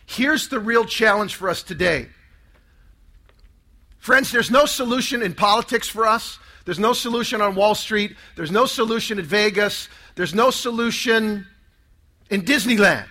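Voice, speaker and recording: High, bright-voiced male preacher. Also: measured pace. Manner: emphatic, call-and-response with the audience. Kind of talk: sermon.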